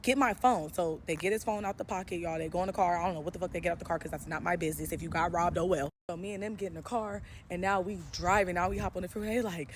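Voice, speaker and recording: Woman vlogger, story-time vlog, rapid-fire, low-voiced, profane dramatic telling. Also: fairly even intonation, slight background noise.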